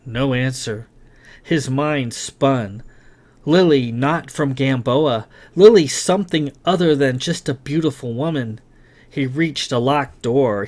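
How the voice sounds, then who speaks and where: A man reading his science fiction novel aloud in a dramatic, expressive narration. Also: mid-range voice. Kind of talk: scripted audiobook narration.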